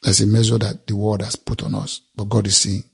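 A man's voice: fairly low pitch, monotone, fairly quick, creaky, husky. A man preaching a sermon, reading scripture aloud and expounding it, repeating phrases for emphasis.

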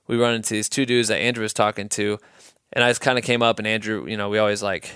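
A man's voice: fairly low pitch, fast, clear, resonant tone, dry recording, studio quality. A young man from Iowa hosting a podcast, telling stories in a rambling, profane, casual way. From Iowa, USA. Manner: profane, rambling, loose and animated. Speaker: podcast host. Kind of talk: casual storytelling monologue.

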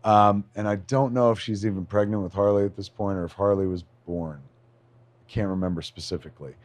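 A man co-hosting a podcast, casually telling stories with lots of swearing and excited bursts. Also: fairly low pitch, fairly quick, no room sound. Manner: profane, excitable storyteller. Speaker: podcast co-host. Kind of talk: casual chat, storytelling.

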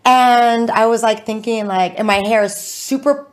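A middle-aged woman from Southern California, a podcast guest telling a story in a lively way and acting out the voices in it. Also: a little high. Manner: lively, acts out voices in her stories, quick asides. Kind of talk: animated storytelling.

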